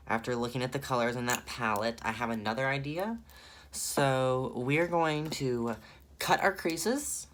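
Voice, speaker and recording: A man's voice: medium pitch, pushed and bright. A man with a Southern US accent chatting through a makeup tutorial, thinking aloud and gushing over the colors. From Southern United States. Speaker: makeup vlogger.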